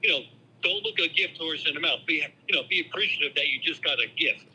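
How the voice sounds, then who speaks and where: A man's voice: a little high, fast, bright, forceful tone, slight background noise, rough recording. A man in his sixties telling a family story on a speakerphone call, full of "you know", in casual chat. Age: 60s. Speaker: phone-in guest, host's father.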